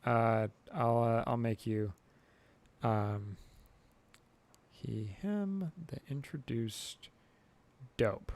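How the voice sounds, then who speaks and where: A man's voice: mid-range voice, very slow, long pauses, darkish tone. A man hosting a casual livestream, rambling with many fillers and frequent chuckles. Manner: rambling, full of fillers and restarts, chuckling often. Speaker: channel host livestreaming to chat.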